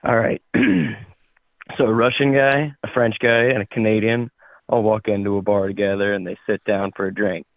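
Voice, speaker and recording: A man calling in to a show, chatting casually in a relaxed, jokey way. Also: on the low side, moderate pace, gravelly, no room sound. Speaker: caller. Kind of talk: casual chat. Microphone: phone. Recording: tinny phone line.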